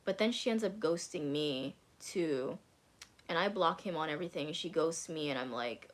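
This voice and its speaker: A woman's voice: deep voice, normal speed. A young woman telling a personal story in casual vlog chat, candid, swearing freely and saying "like" a lot. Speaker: vlogger.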